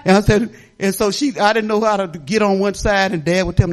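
A woman's voice: medium pitch, fairly even intonation, fast talker, hardly any pauses. An older woman pastor preaching in a chatty, rambling, folksy way, often laughing as she tells stories. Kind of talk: folksy sermon storytelling.

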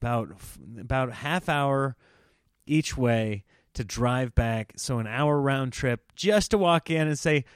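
A man's voice: medium pitch, slow pace, clean tone, no echo, clean studio sound. A man hosting a casual solo podcast, telling comic stories and breaking into exaggerated voices for quoted people. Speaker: comedian podcast host.

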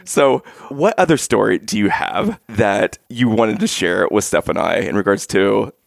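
A man's voice: lowish voice, lively intonation, measured pace, creaky, no room sound, studio quality. A man co-hosting a podcast, talking earnestly and sincerely about faith and how he met his guest. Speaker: podcast co-host. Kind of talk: casual interview chat.

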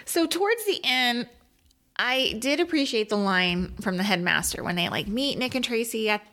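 A woman's voice: a little high, expressive, moderate pace, bright, forceful tone. A married woman co-hosting a podcast, chatting casually about a movie and acting out her own reactions. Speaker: podcast co-host. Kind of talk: casual chat reviewing a movie.

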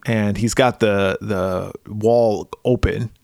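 Laid-back low-voiced male podcast host. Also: fairly even intonation, takes it slowly, vocal fry, a little mellow, no room sound, clean studio sound. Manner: laid-back, swears casually, laughs often. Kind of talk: casual movie recap chat.

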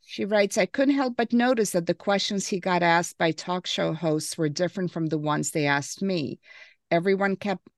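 Podcast host, woman, low with vocal fry, relaxed recap style. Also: moderate pace, no room sound, clean studio sound. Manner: recaps and reads quotes, laughs easily. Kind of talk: casual book-club chat.

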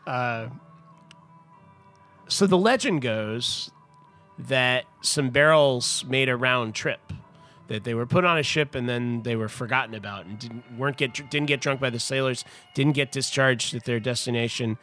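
A man's voice: mid-range voice, measured pace, a bit bright, soft background music. A man in a casual podcast conversation, telling a long story about wine history in a chatty, rambling way full of restarts and asides. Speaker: wine importer guest.

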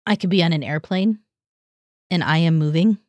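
Low-voiced woman, lively religious sister. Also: dry recording, highs cut off. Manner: animated, quick to laugh, checks in with "right?". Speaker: religious sister, podcast co-host. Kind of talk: conversational discussion.

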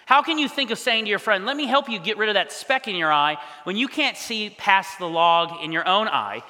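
A male pastor telling a story in a sermon, animated, acting out quoted voices. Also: high voice, fairly quick. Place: church hall. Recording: long hall reverb.

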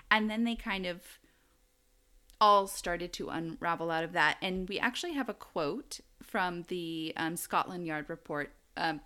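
An American woman with a bright, clear-edged voice co-hosts a relaxed true-crime podcast. She tells the story in a chatty way and breaks into laughter often. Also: lowish voice. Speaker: podcast co-host.

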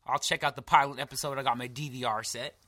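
Bright-voiced joking New man. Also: medium pitch, fairly even intonation, fast talker. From New York. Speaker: podcast co-host. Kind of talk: casual chat.

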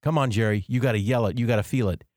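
A man's voice: medium pitch, fast, a little mellow, no room sound, clean studio sound, lightly acted. A man retelling a film scene and voicing a pushy male pro football player who insistently coaxes his agent. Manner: insistent, coaxing, repeating himself.

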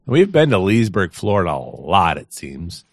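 A man's voice: deep voice, sing-song, moderate pace, no echo, studio quality. A man co-hosting a podcast, reading news stories aloud in a casual, amused way with frequent chuckles. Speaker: podcast co-host.

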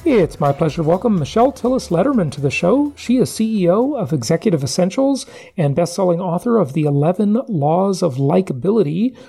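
A man's voice: sits high, very animated, fairly quick, gravelly, dark tone, slightly rough, soft background music. A man hosting a podcast, telling a travel story in a chatty, laughing way and then interviewing a guest. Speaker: podcast host. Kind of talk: casual monologue and interview. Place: aboard a cruise ship.

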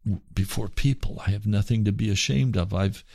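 A man's voice: lowish voice, fairly quick, creaky, darkish tone, dry recording. A man preaching on his radio broadcast, earnest and pleading, often repeating phrases. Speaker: radio pastor. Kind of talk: radio sermon.

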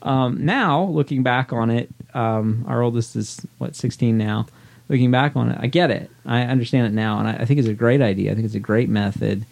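A man's voice: medium pitch, a little fast, creaky, darkish tone. A man co-hosting a podcast, talking casually and candidly as a father, often laughing while he speaks. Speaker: podcast co-host.

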